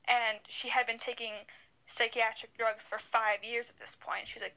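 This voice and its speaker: Young woman podcast co-host, bright and a bit high, chatty and rambling, on a video call. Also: little pitch movement, moderate pace, low-quality recording. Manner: rambling, many fillers and restarts. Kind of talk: casual storytelling chat.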